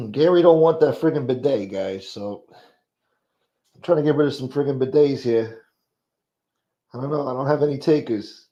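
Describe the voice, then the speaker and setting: A man's voice: mid-range voice, mellow, dull audio. A man hosting a livestream, greeting chatters by name in a profane, joking, casual way. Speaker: livestream host.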